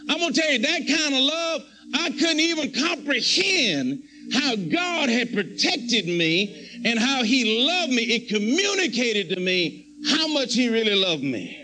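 A man's voice: very high-pitched, very animated, a little slow, bright, forceful tone, low-quality recording. A man preaching a sermon testimony, telling his story and acting out his own prayers in a pleading, fervent voice.

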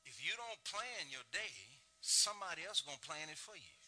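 A man's voice: on the high side, very animated, moderate pace, sharp tone. A middle-aged man preaching a sermon as pastor, folksy and rising and falling in his delivery.

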